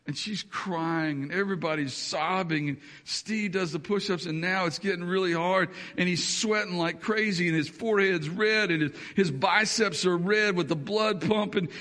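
A man preaching a sermon, telling a story with animated, building tension. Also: high voice, moderate pace. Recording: long hall reverb.

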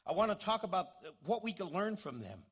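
A man preaches with big swings of pitch, his voice riding high and turning gravelly. He acts out the voices he quotes as he goes. There is a husky, breathy grain in his tone. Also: big pitch swings, a little fast. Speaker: pastor. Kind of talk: sermon.

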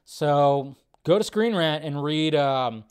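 Male podcast host, slightly high-pitched, casual, excitable, swears freely, lots of ums and restarts. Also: slow pace, smooth. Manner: excitable and profane, many fillers and restarts. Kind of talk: casual live-stream chat.

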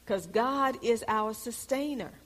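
Woman, Bible teacher, animated storyteller, higher voice, echoing hall. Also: slow. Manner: animated storytelling, rises to loud exclamations. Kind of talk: sermon-style teaching. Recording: long hall reverb.

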